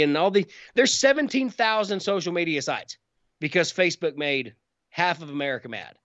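A man's voice: on the high side, fairly bright tone, dry recording, lo-fi sound. A man chatting casually on a podcast, rambling with many fillers and restarts. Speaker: podcast co-host. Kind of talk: casual chat.

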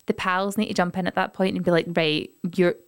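A woman's voice: medium pitch, fast, smooth. A Scottish woman co-hosting a podcast, chatting casually and acting out other people's lines. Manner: chatty, acts out others' lines in lively voices. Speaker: podcast co-host. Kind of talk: casual chat. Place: podcast studio.

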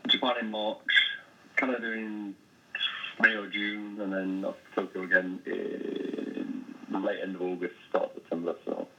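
Low-voiced man, matter-of-fact. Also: vocal fry, sharp tone. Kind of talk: casual chat. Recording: dull sound with faint background noise.

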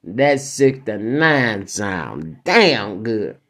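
A man voicing a gruff truck driver in a joke, talking low and drawn out. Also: big pitch swings, extremely slow, a bit bright, full character voice. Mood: lusty.

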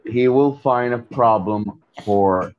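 A man talking casually in an interview, halting, with many fillers and repeated words, on a phone line. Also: medium pitch, crowd noise.

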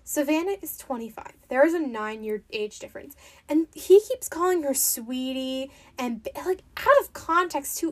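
A woman's voice: high voice, lively intonation, moderate pace. A woman giving a casual, opinionated recap of a reality show episode, chatting loosely and leaning hard on "like". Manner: chatty and opinionated, heavy use of "like".

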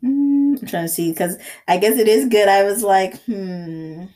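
A woman's voice: mid-range voice, animated, normal speed, dark tone. A young woman chatting casually about a book, acting out her own reactions in quoted asides. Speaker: book discussion guest.

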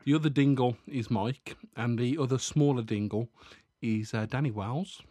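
A man's voice: medium pitch, normal speed, warm tone, no echo. A man with a Black Country accent hosting a podcast, jokey and teasing with his co-hosts. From West Midlands of England. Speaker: podcast host. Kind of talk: casual chat.

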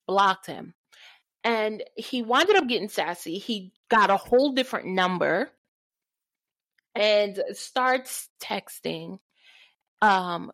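A woman's voice: mid-range voice, takes it slowly, pauses often, no echo. A woman co-hosting a podcast, telling a dating story in casual chat and acting out what people said. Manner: animated storytelling, acts out quotes. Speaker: podcast co-host.

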